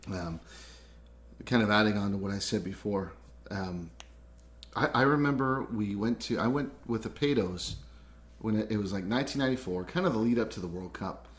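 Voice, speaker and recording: A man in his forties hosts a relaxed podcast chat. His voice sits low, and his speech rambles with fillers. The room around him is noticeably echoey. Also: moderate pace. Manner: rambling, admiring, many fillers. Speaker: podcast host. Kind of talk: casual interview chat.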